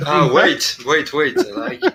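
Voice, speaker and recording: A man at a tabletop game calmly narrating what his character does. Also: a little high, takes it slowly, rough recording. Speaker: player. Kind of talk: tabletop role-play narration.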